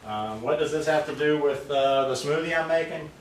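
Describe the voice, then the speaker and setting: A man's voice: fairly high pitch, moderate pace, a little hiss or hum. A man chatting casually as a vlogger at his home, rambling and full of fillers. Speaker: vlogger making smoothies. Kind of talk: casual chat. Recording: roomy, distant mic, faint ambience.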